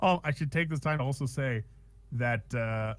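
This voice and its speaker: A man's voice: medium pitch, moderate pace, slight background noise. A man co-hosting a casual podcast, sarcastic and joking, breaking into mock rants. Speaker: podcast co-host. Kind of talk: casual chat.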